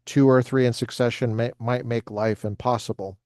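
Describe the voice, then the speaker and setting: A man's voice: medium pitch, steady tone, normal speed, darkish tone, no echo, studio quality. Man reading aloud with wry asides. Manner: reads passages with joking asides. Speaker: lecturer reading from a history book.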